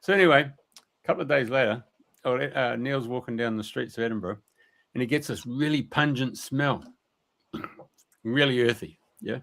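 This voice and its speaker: A man's voice: medium pitch, normal speed, creaky, pauses often, a bit bright. A middle-aged man, a radio guest, telling a story in a colloquial, rambling way, with many fillers and mild swearing.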